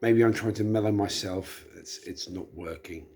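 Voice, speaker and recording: A man's voice: fairly low pitch, moderate pace, warm tone, husky. A middle-aged man, tipsy, rambling chattily and self-deprecatingly in a casual monologue. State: tipsy from drinking. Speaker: vlogger.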